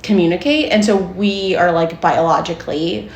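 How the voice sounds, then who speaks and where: A woman's voice: fairly low pitch, steady tone, normal speed, echoey room, a little hiss or hum. A young adult woman co-hosting a podcast as a therapist, explaining in a chatty way with many fillers and frequent laughs. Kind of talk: casual podcast conversation.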